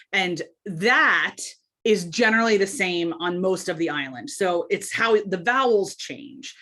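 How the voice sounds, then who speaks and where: A woman, a podcast guest talking in an animated, chatty way in a casual interview. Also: on the low side. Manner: animated, chatty, quick asides and laughs.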